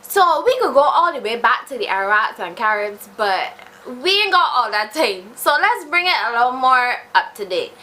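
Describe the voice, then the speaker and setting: A woman's voice: fairly high pitch, sing-song, normal speed, pushed and bright. A young woman from Barbados with a Barbadian accent, answering questions in a chatty, informal vlog. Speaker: beauty vlogger. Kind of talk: casual Q&A vlog.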